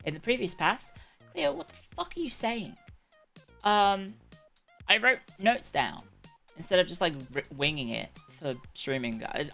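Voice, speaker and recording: A woman's voice: deep voice, sharp tone. A young woman chatting casually on a live stream, rambling and correcting herself as she goes.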